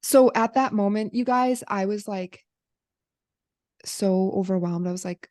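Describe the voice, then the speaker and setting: A woman podcast host telling an emotional personal story to viewers, animated and quoting herself, with some swearing. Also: medium pitch, unhurried, pauses often.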